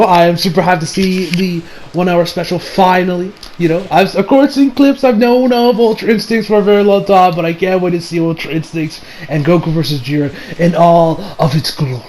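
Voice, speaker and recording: A man reviewing an anime episode in a rambling, excitable manner, full of slang and swearing. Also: high voice, brisk, slight background noise, poor audio.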